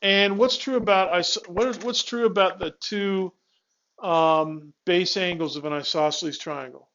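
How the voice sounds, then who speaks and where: In a classroom lecture, a man teaching physics guides his students step by step in a high, fairly bright voice at a moderate pace. He cuts himself off mid-word to restart and keeps asking questions to check in. The audio is lo-fi and dull.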